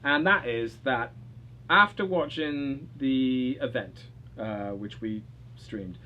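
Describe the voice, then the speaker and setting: A man's voice: mid-range voice, slow, highs cut off, slight background noise. A man co-hosting a casual gaming chat, chatty and opinionated, swearing now and then. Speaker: co-host of a gaming channel.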